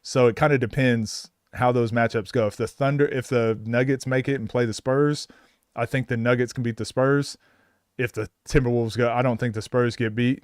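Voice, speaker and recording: A man's voice: medium pitch, clear, resonant tone, no room sound. Man from Oklahoma with a mid-range voice, recorded dry, chatting casually with his stream chat and laughing often. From Oklahoma, USA.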